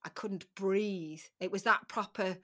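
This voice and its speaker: A woman's voice: medium pitch, fairly even intonation, measured pace, sharp tone. A middle-aged woman speaking as a podcast guest, recounting personal experiences frankly and emotionally, often repeating her phrases. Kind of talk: candid personal interview.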